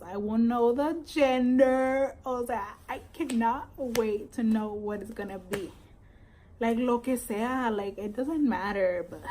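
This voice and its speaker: A woman's voice: a little high, dark tone, slight background noise, poor audio. Chatty, swearing young woman. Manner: code-switching, chatty, swears freely. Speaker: vlogger. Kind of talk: casual storytelling vlog.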